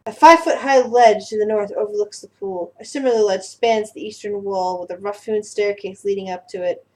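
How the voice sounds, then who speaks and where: A woman's voice: medium pitch, fairly quick, poor audio. A woman running a tabletop game as game master, describing scenes with many fillers and restarts.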